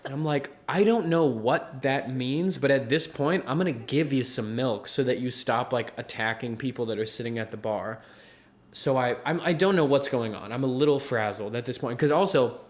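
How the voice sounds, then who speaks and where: In a relaxed podcast chat, a male co-host spins a story, voicing the characters' quotes and breaking into laughter. He speaks at medium pitch and a moderate pace.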